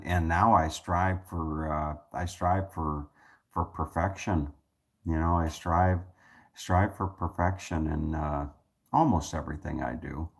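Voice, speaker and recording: Deep-voiced man rambling to his viewers. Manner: rambling, with many restarts and repeated words; joking, self-amused asides. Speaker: vlogger. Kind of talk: casual monologue to viewers.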